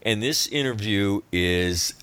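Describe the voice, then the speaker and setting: A man's voice: lowish voice, slow pace, a little hiss or hum. A man who works as a radio host, telling a story casually and acting out the people he quotes. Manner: animated, acts out quoted speech.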